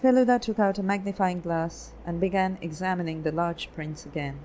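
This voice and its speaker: Woman narrator, audiobook, steady reading, somewhat low pitch, faint background hiss. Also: fairly quick, rough recording. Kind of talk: scripted narration.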